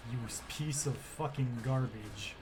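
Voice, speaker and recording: A man streaming a video game, chatting casually and swearing as he rants and yells at what happens on screen. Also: mid-range voice, measured pace, background noise. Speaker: gaming streamer.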